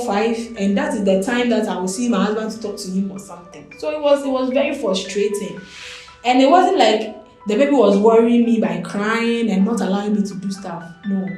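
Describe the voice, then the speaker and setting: Young Ghanaian woman, candid personal storytelling, animated delivery, very roomy echo, faint music underneath. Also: mid-range voice. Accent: Ghanaian English. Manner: animated, expressive storytelling with many fillers. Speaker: interview guest.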